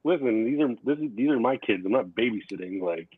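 A man's voice: medium pitch, lively intonation, fast talker, slightly rough, no room sound. A man in his forties co-hosting a casual podcast chat, blunt and profane, telling heated stories. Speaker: podcast co-host. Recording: tinny phone-like line, dry.

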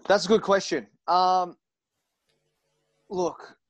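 A man's voice: high-pitched, fairly even intonation, slow. A man who wrestles for a living, telling stories in a casual interview. He swears freely and acts out what other people said. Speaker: professional wrestler guest. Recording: dull lo-fi recording.

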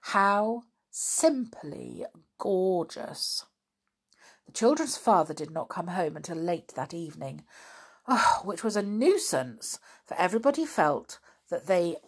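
A woman reading a children's storybook aloud in an expressive way. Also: fairly low pitch, breathy edge.

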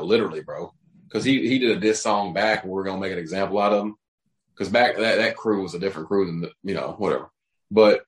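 A man's voice: lowish voice, rough recording. Laid-back man telling stories. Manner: laid-back storyteller, says bro a lot. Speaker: rapper and label head, guest. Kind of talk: casual podcast chat.

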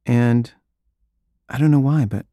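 A man tells a personal story in a relaxed, chatty way, often chuckling. His mid-pitched voice is recorded close and dry, with no room sound at all. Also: unhurried, dry recording. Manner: relaxed, chuckling, acts out remembered dialogue.

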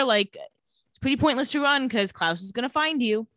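A woman co-hosting a casual podcast, recapping an episode and acting out the characters' lines with animated storytelling. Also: a little high, normal speed, dry recording, clean studio sound. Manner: animated storytelling, acts out quotes. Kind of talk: casual chat.

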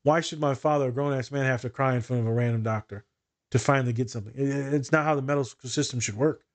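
A man's voice: medium pitch, quick pace. A man hosting a casual podcast discussion, a social worker telling candid, profane stories. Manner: candid, profane, animated storytelling.

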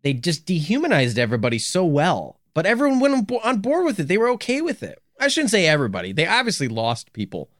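Man, animated storytelling, lively pitch, dry close sound. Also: fast, few pauses, no room sound. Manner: animated storyteller, heavy use of "like". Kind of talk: casual chat.

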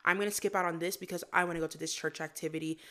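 A young woman from Florida chatting as a podcast guest. She talks in a lively, animated way and slips into acted-out quotes as she tells her stories. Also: fairly low pitch, rapid-fire. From Florida, USA. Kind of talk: casual interview chat.

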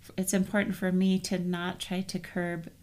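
A middle-aged woman co-hosting a casual talk on grief, telling a family story in a gentle, reflective way. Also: on the low side, completely flat delivery, moderate pace. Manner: gentle, storytelling, soft trailing phrases. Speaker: co-host.

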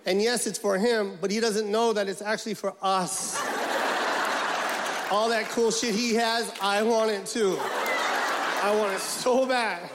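A man doing a profane, animated stand-up comedy routine, acting out voices as he tells a story. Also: high-pitched, takes it slowly, heavy background noise. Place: large venue with a live audience. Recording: echoey hall, loud crowd.

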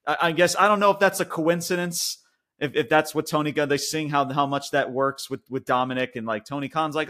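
A man's voice: fairly high pitch, fairly even intonation, fairly quick. Ranting, swearing man reviewing wrestling. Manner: profane, ranting, swings from loud outbursts to mutters. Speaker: podcast co-host. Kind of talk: casual wrestling review chat.

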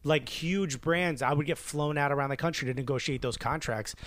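Animated storytelling man from Newark. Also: fairly high pitch, fairly quick. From Newark, New Jersey. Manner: animated storyteller who acts out quoted dialogue. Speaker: podcast co-host telling a story. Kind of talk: casual chat, storytelling.

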